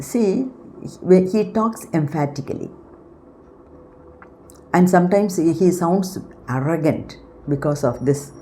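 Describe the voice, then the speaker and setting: Hosting her own channel, a woman gives an unscripted spiritual talk, unhurried and explanatory, frequently pausing to find her words. Her voice is low-pitched and mellow, with a bit of background noise.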